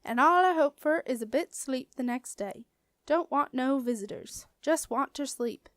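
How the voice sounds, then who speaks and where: A woman reading a storybook and voicing a grumpy, short-sighted male mud creature who talks in a gruff, rustic, complaining way. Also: high-pitched, a little slow, fairly bright tone, no room sound, clean studio sound, pitched above the performer's own voice. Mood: grumbling.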